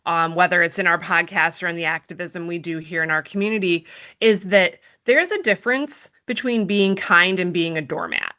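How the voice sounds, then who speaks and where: Brief: woman podcast co-host, bright, sharp voice, candid and wry. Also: fairly low pitch, normal speed, muffled recording. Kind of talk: casual podcast conversation.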